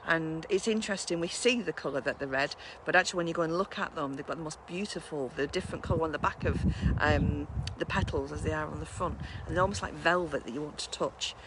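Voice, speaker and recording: A woman's voice: deep voice, fast, few pauses, noisy background. A woman hosting a mindfulness session, chatting casually after a guided meditation and laughing often at herself.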